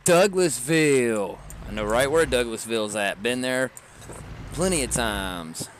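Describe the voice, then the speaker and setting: A man from Georgia with a Southern accent, chatting with his stream viewers in a relaxed, rambling way, often chuckling. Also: medium pitch, moderate pace, slight background noise. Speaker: live streamer. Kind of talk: casual chat with stream viewers. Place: in a car.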